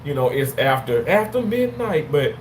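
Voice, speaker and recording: Guy in his 30s vlogging into his phone, kinda high voice, all animated and repeating himself, faint background hum. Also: moderate pace. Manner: animated, repeats words, playful exclamations. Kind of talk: casual storytelling to camera.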